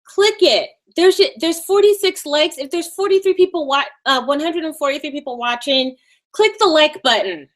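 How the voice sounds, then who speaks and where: A woman's voice: high voice, normal speed. A woman hosting a live stream in a casual, sassy way, with a Valley Girl voice and mocking asides.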